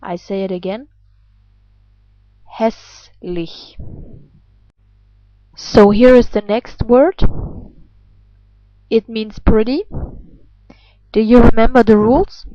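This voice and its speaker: A woman with a German accent, a native German speaker, patiently teaching pronunciation in a slow explanatory lesson and often asking questions. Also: fairly high pitch, dry recording, lo-fi sound. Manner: patient, questioning, drawn-out words. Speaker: language teacher.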